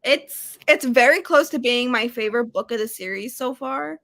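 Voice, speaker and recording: A young woman with a high, bright voice, a guest on a casual livestream book discussion. She gushes emphatically. The sound is dry and close. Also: moderate pace, dry recording. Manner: gushing and emphatic. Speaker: booktube guest.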